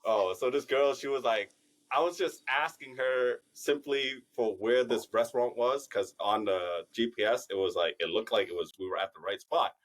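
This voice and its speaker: A man's voice: mid-range voice, moderate pace. A man in his thirties, a podcast co-host telling funny stories in casual chat, laughing often.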